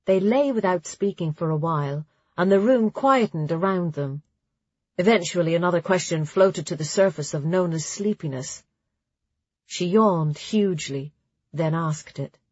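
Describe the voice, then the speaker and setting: A woman narrating a novel in a measured, even storytelling manner. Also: on the low side, husky, no room sound. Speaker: audiobook narrator. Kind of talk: scripted audiobook narration. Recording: dry, slightly dull audio.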